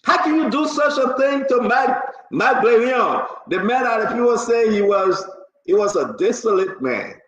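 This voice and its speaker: A man hosting a live talk show, reading out viewer names and growing loud and animated. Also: extremely high pitch, moderate pace, reverberant, dull audio. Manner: animated, rising to loud exclamations. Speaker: livestream talk show host.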